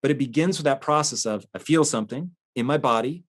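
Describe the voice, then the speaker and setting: A man's voice: medium pitch, fast. A man hosting a motivational talk, speaking emphatically in a conversational, storytelling way. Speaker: host.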